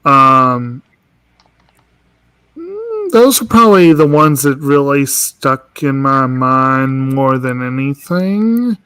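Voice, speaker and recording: Smooth, dry-voiced man musing. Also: mid-range voice, big pitch swings, slow, pauses often, bright, forceful tone, dry recording. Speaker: discussion panelist. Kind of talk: casual group chat.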